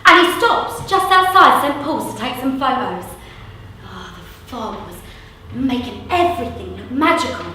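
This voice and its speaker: A woman acting out a gossipy London street seller, her high voice swooping up and down as she spins a stage monologue. She talks slowly, with a bright, sharp edge, in an echoey hall heard from well back. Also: animated, far from the mic, slight background noise. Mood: lively. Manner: gossipy storyteller, mimics voices. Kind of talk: theatre monologue.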